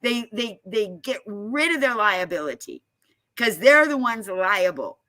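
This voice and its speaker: A woman's voice: mid-range voice, expressive, a little slow, bright, forceful tone. A woman talking casually and emphatically, telling a story and explaining advice. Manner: emphatic storyteller, laughs often. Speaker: guest speaker on foreclosure fraud.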